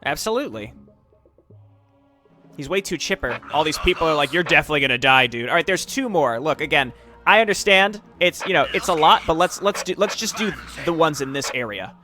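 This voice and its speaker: A man's voice: on the high side, expressive, fairly quick, bright, forceful tone, soft background music. A man reading game dialogue aloud and commenting casually with wry, profane asides. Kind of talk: let's play commentary with read-aloud dialogue.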